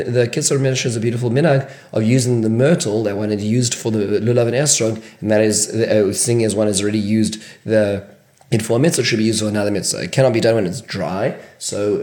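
Male rabbi-teacher, lower register, informal Q&A lesson delivery with restarts, roomy echo. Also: darkish tone. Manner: question-and-answer delivery with frequent restarts and fillers. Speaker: rabbi teaching Jewish law. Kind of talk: Q&A-style halachic lesson.

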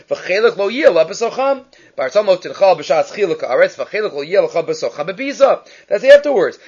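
A man teaching a Talmud study lesson, asking quick questions and mixing Hebrew and Aramaic terms into his English. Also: sits high, a bit bright. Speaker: Torah teacher. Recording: dull lo-fi recording.

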